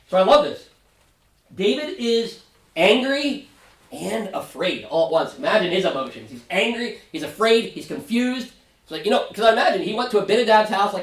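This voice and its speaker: A man pastor teaching a Sunday school Bible study, animated, acting out biblical characters in quick asides. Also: on the high side. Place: church classroom. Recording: echoey room, mic at a distance.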